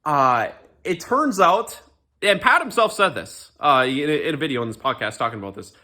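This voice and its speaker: Young male ranter, bright and lively delivery, sneering sarcasm, swears freely, casual commentary. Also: a little high, normal speed. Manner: sarcastic, profane, mocking, with frequent fillers and restarts.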